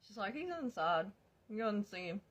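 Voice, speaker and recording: A young woman telling her own story to the camera in a casual, animated way, swearing freely, laughing often and calling her viewers y'all. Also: medium pitch, brisk.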